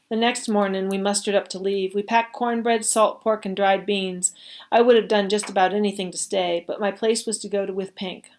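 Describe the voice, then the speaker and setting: Woman reading a story aloud. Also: mid-range voice. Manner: expressive, measured storytelling. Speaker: reader.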